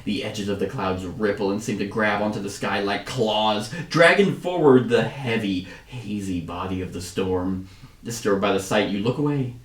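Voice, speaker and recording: A man's voice: lowish voice, moderate pace, recorded from a distance. Man reading game story in roomy room. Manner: joking, laughs at his own reading. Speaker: host of a board game playthrough. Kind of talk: casual chat and reading story text aloud. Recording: roomy sound from away from the mic.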